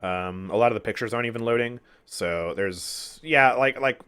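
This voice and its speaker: A man's voice: mid-range voice, normal speed, bright, forceful tone, clear, resonant tone. A young man giving casual gameplay commentary on a game update, sarcastic and exasperated, often sighing and laughing. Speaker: gaming YouTuber.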